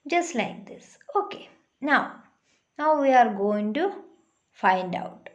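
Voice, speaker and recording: A woman's voice: a little high, sing-song. A woman teacher giving a classroom lesson, explaining patiently and checking in with her pupils. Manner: slow, patient, checks in with "huh?".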